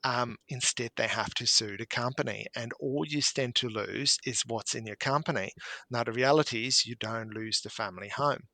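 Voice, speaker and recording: A man's voice: mid-range voice, normal speed, gravelly, sharp tone, no echo. A man, an accountant guest on a podcast interview, explaining with homely anecdotes and examples.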